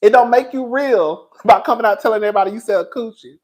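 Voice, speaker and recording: A man's voice: high-pitched, fast, rough recording. A man hosting a gossip livestream, who laughs often and stretches out his words. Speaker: livestream host. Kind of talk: gossip commentary.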